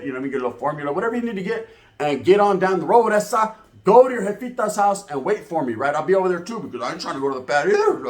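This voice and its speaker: Brief: man, mid-high voice, comedic streetwise storyteller, profane and animated. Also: racing. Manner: profane, slang-heavy, animated.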